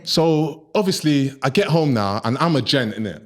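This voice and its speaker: A young man telling a comic story to friends on a podcast, animated and laughing as he goes. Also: mid-range voice, normal speed, crowd noise. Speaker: podcast co-host. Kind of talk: comedic storytelling among friends. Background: friends reacting and laughing.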